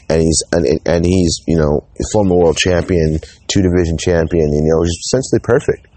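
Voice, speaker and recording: A man with a lowish voice talks through his views on a solo podcast, loose and rambling, doubling back on his words and dropping the odd curse. The sound is dry and close. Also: darkish tone, no echo. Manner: casual, rambling, with frequent restarts and swearing. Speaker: podcast host.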